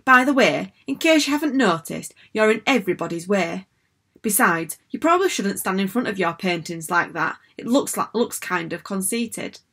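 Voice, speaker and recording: A woman's voice: mid-range voice, lively intonation, normal speed, few pauses, fairly bright tone, breathy edge. A woman voicing an impatient, fierce young schoolgirl in a storybook reading, talking bluntly and urgently.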